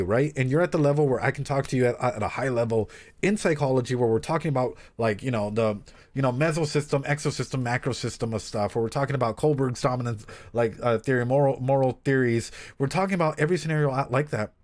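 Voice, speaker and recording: A young man who works as a therapist, chatting casually to his stream viewers while reacting to anime, animated and swearing freely. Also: medium pitch, fast.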